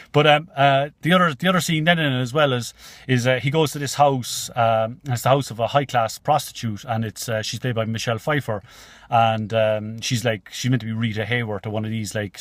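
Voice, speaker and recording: A man's voice: medium pitch, no room sound. A man casually retelling film scenes, rambling with many fillers and swearing. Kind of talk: casual storytelling.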